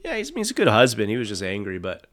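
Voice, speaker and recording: A man with a fairly low voice talks through a film in a loose, friendly chat. He is openly enthusiastic, chuckling at the funny parts and quoting the lines he loves. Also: huge pitch swings, fast talker, a bit bright. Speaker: podcast co-host. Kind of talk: casual film discussion.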